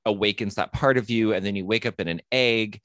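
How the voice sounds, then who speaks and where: A man with a low voice chats casually as a podcast co-host. He talks in a relaxed, halting way and often restarts his sentences. The recording is dry and close. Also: dry recording. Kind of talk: casual chat.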